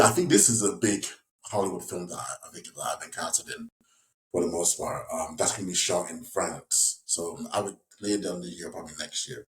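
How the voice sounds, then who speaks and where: A young English man from West Yorkshire, an actor guest in a casual interview, talking in a rambling way with many restarts and fillers. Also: deep voice. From West Yorkshire, England. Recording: echoey room.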